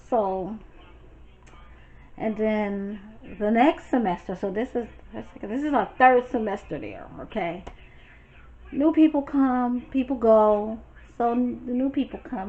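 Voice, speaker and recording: A young woman from Brooklyn with a New York accent, telling a storytime in a blunt, sassy, animated way. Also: medium pitch. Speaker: storytime vlogger. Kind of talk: casual storytime chat. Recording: dull lo-fi sound, faint noise.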